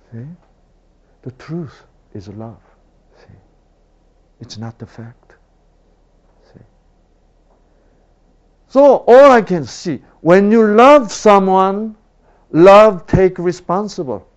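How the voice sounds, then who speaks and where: Animated male preacher. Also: sits high, lo-fi sound. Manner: animated, rhetorical questions, swings from loud to hushed. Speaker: father. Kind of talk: sermon.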